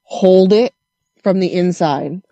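A woman's voice: lowish voice, slow pace, creaky, no room sound, highs cut off. Swearing woman telling a story. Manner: animated, swearing, acts out quoted voices. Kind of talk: casual storytelling chat.

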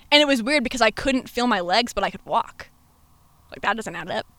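A young woman talks as a podcast guest. She tells her story in an animated, slangy way and laughs often. Her voice sits at an ordinary pitch and is recorded dry and close. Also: no echo. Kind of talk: casual chat.

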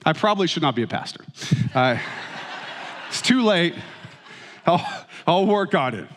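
A man preaching a sermon as pastor, telling stories with animated, self-mocking humor. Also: a little high, normal speed, a little hiss or hum. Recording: reverberant hall.

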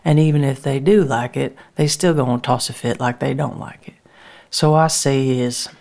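A woman's voice: very deep voice, normal speed, vocal fry, darkish tone. A woman telling a rambling first-person story, often dropping into whispers. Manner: folksy, rambling, drops to whispers. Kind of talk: dramatic first-person monologue.

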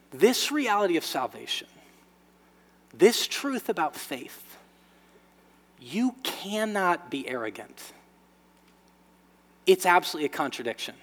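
A man preaching a sermon, telling stories and swinging from hushed, intimate moments to loud, emphatic exhortation. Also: sits high. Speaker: pastor. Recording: long hall reverb.

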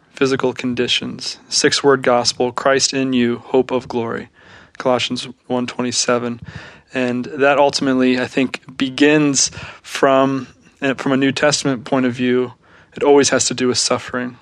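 Flat-voiced young man, halting. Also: medium pitch, no room sound. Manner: halting, many fillers and restarts, thoughtful. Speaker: podcast co-host. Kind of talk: reflective faith discussion.

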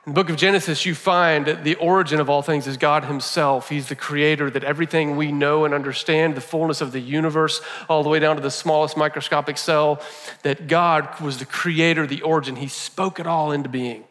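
A man's voice: a little high, fairly even intonation, a little fast, fairly bright tone, big-room sound. A male pastor preaching a sermon in a conversational way, repeating phrases for emphasis.

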